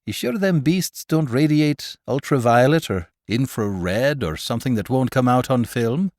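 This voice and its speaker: A man performs a big, brash Irish spaceman for a dry, close audiobook read. The brogue is folksy and swaggering, with lively swoops of pitch, and the cocky tough-guy bluster never lets up. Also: unhurried, dry recording. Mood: doubtful.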